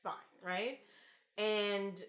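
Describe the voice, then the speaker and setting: A woman's voice: medium pitch, steady tone, extremely slow, a bit bright. Chatty woman host in an echoey room. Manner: chatty, questioning, frequent filler words. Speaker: podcast host. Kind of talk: casual chat about films.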